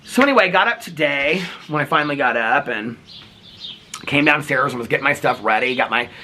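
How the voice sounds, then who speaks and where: A man's voice: medium pitch, animated, brisk, sharp tone, a little hiss or hum. A middle-aged man vlogging casually in a chatty, rambling way, often laughing. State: out of breath. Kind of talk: casual vlog chat.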